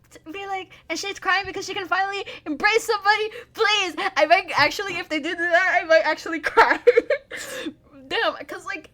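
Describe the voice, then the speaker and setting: A young adult woman streamer with a high, bright voice. She reacts emotionally and excitably in casual commentary, swearing freely as she talks.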